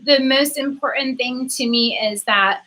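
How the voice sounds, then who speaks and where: A woman's voice: sits high, measured pace, bright, forceful tone, rough recording. A woman coaching spiritual topics on a livestream, talking casually and earnestly to viewers with frequent ums and restarts. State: getting emotional. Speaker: spiritual coach hosting a live chat.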